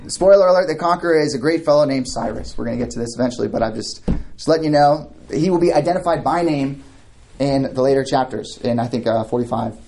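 A man's voice: medium pitch, fast talker, gravelly, a little mellow, a little hiss or hum. Man teaching a Bible study. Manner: conversational, with frequent restarts and asides; reads scripture aloud then comments.

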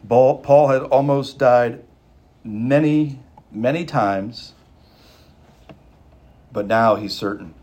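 With a mid-range, somewhat dark voice, this male pastor preaches with urgency and force. Key lines come back again and again for emphasis, and his delivery alternately quickens and slows.

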